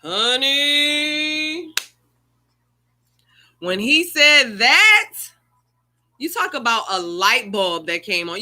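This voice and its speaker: Bright-voiced woman telling a personal story. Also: sits high, big pitch swings, extremely slow, long pauses. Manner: earnest, conversational, rising emotion. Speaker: circle host. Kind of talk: storytelling to an online group.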